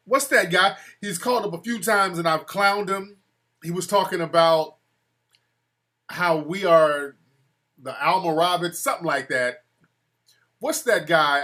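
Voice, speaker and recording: Male call-in host, fairly high and bright, casual and teasing. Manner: loose, mocking, repetitive. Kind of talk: casual live-stream talk show.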